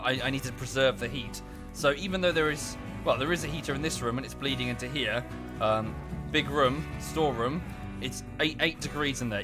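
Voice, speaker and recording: A man chatting casually while live-streaming a game at home, often thinking aloud and thanking viewers. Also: medium pitch. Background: background music.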